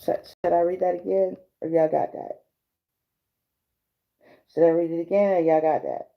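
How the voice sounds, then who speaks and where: A woman's voice: lowish voice, fairly even intonation, moderate pace, gravelly, highs cut off. A woman giving a casual livestream tarot reading, rambling through restarts and fillers and laughing often. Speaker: tarot reader.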